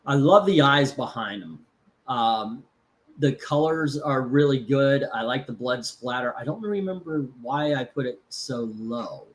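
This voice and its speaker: A man's voice: medium pitch, expressive, a little slow. Rambling man hosting a live stream. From Florida. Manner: rambling, many fillers and restarts. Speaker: host. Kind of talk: casual live-stream chat.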